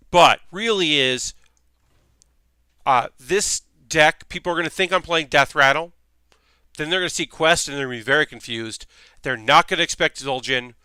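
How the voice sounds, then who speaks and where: Bright, crisp-voiced man streaming a card game. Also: mid-range voice, dry recording. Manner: chatty, thinking aloud with many ums and restarts. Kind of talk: casual live-stream commentary.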